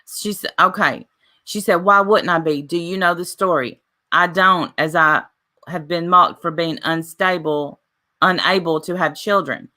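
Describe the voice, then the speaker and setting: A woman's voice: lowish voice, a little slow, pushed and bright. A woman vlogging casually, retelling a dispute with lots of "I said, she said" and reading messages aloud. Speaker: YouTuber. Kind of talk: casual vlog monologue.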